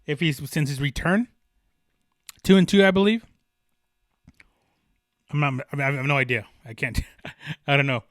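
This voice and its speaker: A man's voice: fairly high pitch, lively intonation, moderate pace, pauses often, dry recording, studio quality. A man hosting a solo sports podcast, talking in a passionate, rambling way with the odd swear word. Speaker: podcast host.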